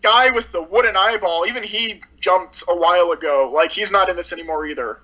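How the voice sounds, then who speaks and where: A woman's voice: on the low side, brisk, pushed and bright, muffled recording. A woman reviewing a movie in casual chat, blunt and sarcastic, with lots of "like".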